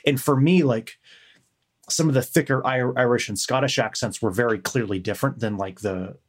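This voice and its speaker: A man's voice: medium pitch, moderate pace. A man in casual chat, telling a meandering story and swearing now and then.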